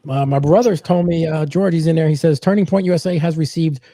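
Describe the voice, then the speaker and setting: A man's voice: fairly high pitch, quick pace, dark tone. A male host in a casual chat, reading out viewer comments with short, laid-back replies.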